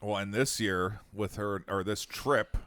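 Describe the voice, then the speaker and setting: A middle-aged man hosting a podcast, telling animated stories in casual banter, swearing and laughing as he goes. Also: fairly low pitch, a little slow, clean tone. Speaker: podcast host.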